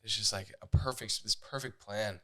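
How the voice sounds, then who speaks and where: A young man, a guest on a casual podcast, telling a story in a soft-spoken, reflective way. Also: fairly low pitch, steady tone, normal speed. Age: young adult. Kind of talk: casual chat.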